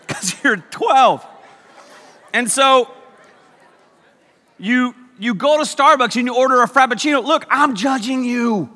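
A young man delivers a jokey youth sermon, his high, bright voice leaping all over the place as he teases the crowd. The sound rings with the long reverb of a large church hall. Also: a little slow, pauses often. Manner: joking, animated, teasing the crowd. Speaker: youth pastor. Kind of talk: comedic sermon.

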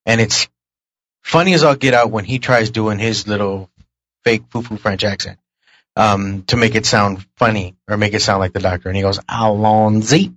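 Low easygoing man, dry sound. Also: normal speed, a bit bright, dry recording, low-quality recording. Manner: easygoing, hesitant with "um". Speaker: podcast panelist. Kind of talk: casual panel chat.

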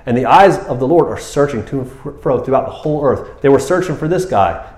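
A man giving a casual, animated sermon, talking to the listeners like friends. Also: medium pitch, brisk. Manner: animated, casual, keeps saying "man" and "you know". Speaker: preacher. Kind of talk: conversational sermon. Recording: roomy echo.

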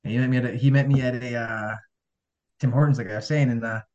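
A man's voice: mid-range voice, fairly even intonation, fast talker, a little mellow. A man, a podcast guest telling his life story in a rambling casual way, full of fillers and acted-out dialogue. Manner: rambling, heavy on fillers, acts out quoted dialogue. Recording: dull lo-fi audio.

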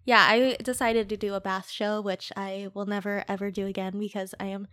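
A woman's voice: mid-range voice, little pitch movement, fairly quick, bright, forceful tone. A young woman guest telling funny stories in a casual, giggly podcast chat, full of "like". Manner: giggly, storytelling with lots of "like". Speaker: guest, cam model.

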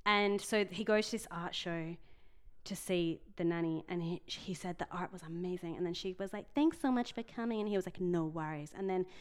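A woman's voice: lowish voice, fairly even intonation, fairly quick. A young adult woman co-hosting a casual podcast chat, telling stories in a rambling way, often restarting her sentences. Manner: rambling, self-interrupting storyteller. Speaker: podcast co-host.

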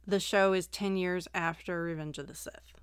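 A woman's voice: lowish voice, fairly even intonation, moderate pace, clear, resonant tone, no room sound. Opinionated young woman, dry sound. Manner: opinionated, chatty, trails off softly. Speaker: podcast co-host. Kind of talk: casual chat.

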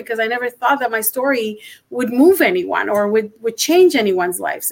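A motivational speaker, a woman, recounts her personal story in conversation with a slightly high voice. She talks in an animated, emphatic way, often restarting her sentences and putting on the voices of the people she quotes. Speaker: motivational speaker, interview guest.

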